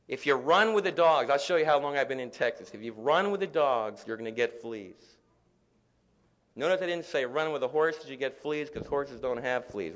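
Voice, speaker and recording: A man preaching a sermon as pastor, climbing to loud peaks and then dropping soft. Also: medium pitch. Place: church sanctuary. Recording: reverberant church hall.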